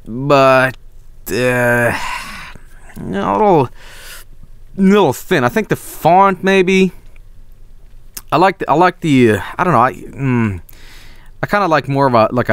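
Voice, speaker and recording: A man chatting on a livestream, rambling along with a lot of swearing and the odd goofy voice. His pitch swings all over the place, and the sound is close and dry with no room around it. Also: lively intonation, unhurried, pauses often, a bit bright, smooth, dry recording. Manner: rambling, swears freely, breaks into silly voices. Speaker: streamer. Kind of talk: casual stream chat reading fan art.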